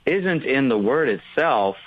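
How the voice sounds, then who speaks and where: Earnest pastor on a dull dry line. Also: male voice, medium pitch, animated, unhurried, no room sound. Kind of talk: theology podcast discussion.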